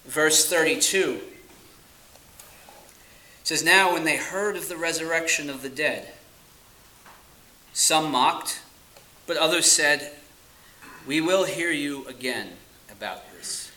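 A man preaching a sermon with a bright, forceful voice. He is earnest and emphatic, leaning slowly on key words and then dropping low. The room around him rings with echo. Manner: earnest, emphatic, with slow stressed phrases and dropping to quiet asides.

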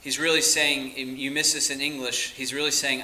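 A man's voice: medium pitch, flat delivery, moderate pace, bright, forceful tone, poor audio. A man preaching a sermon, earnest and emphatic, often repeating words for weight. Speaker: pastor.

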